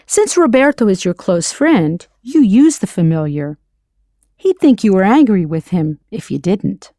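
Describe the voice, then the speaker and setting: A woman teaching a scripted audio language lesson, slowly modeling foreign words and spelling them out letter by letter. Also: medium pitch, sing-song, warm tone, no echo, clean studio sound.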